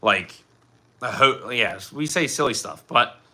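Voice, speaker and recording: With a bright, forceful tone, medium pitch, lively intonation, and a measured pace, this Philadelphia man hosts a laid-back livestream. He speaks in a Philly accent, chatting in a rambling way and reading comments.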